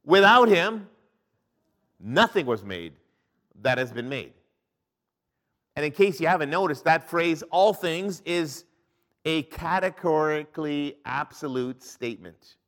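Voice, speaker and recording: A male pastor preaching a sermon, reading scripture aloud and swinging between loud emphasis and hushed, low drops. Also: lively intonation, measured pace.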